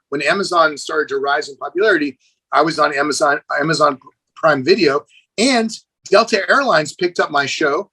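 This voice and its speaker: Husky, enthusiastic man telling stories. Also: on the high side, poor audio. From United States. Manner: enthusiastic, animated storyteller, says "dude". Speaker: guest, celebrity fitness trainer. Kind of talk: casual podcast interview.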